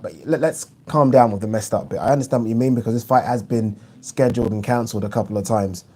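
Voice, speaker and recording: A man hosts a live fight review on his boxing channel, reading out viewer questions. He talks bluntly and casually, often restarting his sentences. His voice is mellow and dark, at an ordinary pitch for a man. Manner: blunt opinionated talk with frequent restarts.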